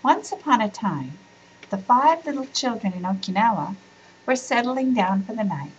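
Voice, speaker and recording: Soft-voiced woman reading a bedtime story. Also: a little high, big pitch swings, moderate pace, muffled recording, a little hiss or hum. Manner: gentle, soft-spoken reading with quieter dialogue.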